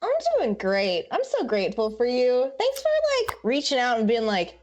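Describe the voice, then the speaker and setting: A woman's voice: a little high, very animated, moderate pace, few pauses. A woman player in casual, bubbly chat about the game. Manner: bubbly, chatty.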